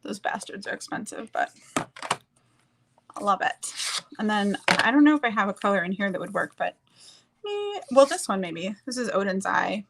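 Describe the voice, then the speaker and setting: A woman's voice: medium pitch, very animated, moderate pace, gravelly, pauses often, background noise. A woman chatting casually and rambling as she does her makeup, swearing now and then. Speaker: streamer doing makeup on a group call. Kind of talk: casual chat.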